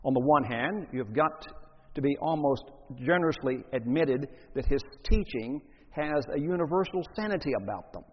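A man preaching a sermon, reading scripture and then expounding it with deliberate emphasis. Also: on the high side, animated, breathy edge. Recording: dull lo-fi recording in a reverberant hall.

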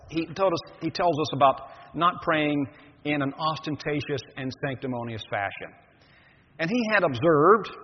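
An older man preaching a sermon as pastor, reading scripture then explaining it in a measured, earnest way. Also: mid-range voice, slight background noise. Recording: echoey dull lo-fi hall recording.

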